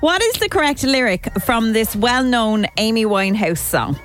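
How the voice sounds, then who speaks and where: Brief: upbeat Irish breakfast-radio co-host, woman, slightly high voice, playful and giggly, light music bed. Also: expressive, normal speed, a bit bright. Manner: bubbly, playful, laughs often. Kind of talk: breakfast radio chat and quiz hosting.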